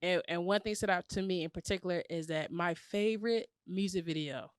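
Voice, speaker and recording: A woman's voice: lowish voice, brisk. A woman hosting a podcast, interviewing a guest in an enthusiastic, slangy chat. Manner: enthusiastic, slangy, says "you know what I'm saying". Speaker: podcast host.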